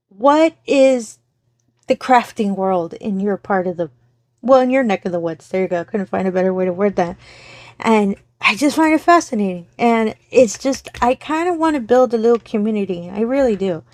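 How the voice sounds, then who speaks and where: A middle-aged Texan woman chats casually with viewers of her crafting channel, friendly and rambling, correcting herself as she talks. Her voice sits a little high and sounds a little mellow.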